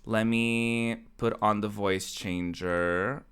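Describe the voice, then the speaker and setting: A man's voice: on the low side, steady tone, slow, a bit bright, clean tone. A male game streamer chatting casually and playfully with his viewers, teasing them and laughing often.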